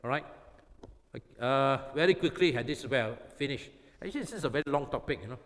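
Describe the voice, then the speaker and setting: A man's voice: medium pitch, quick pace. A man from Malaysia, preaching a sermon to youth. He is emphatic and repetitive, often checking with the audience whether they understand. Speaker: pastor. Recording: long reverb of a hall.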